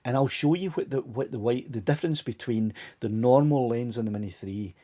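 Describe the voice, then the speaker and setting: A man's voice: mid-range voice, brisk, warm tone. A Scottish man of about sixty hosting a casual live stream chat, rambling along with many restarts and little chuckles while his voice tires. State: voice tiring, fading.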